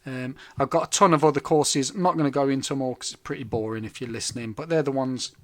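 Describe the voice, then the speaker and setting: A man, co-hosting a podcast in casual chat and recommending things enthusiastically with quick asides. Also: mid-range voice, no room sound. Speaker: podcast co-host.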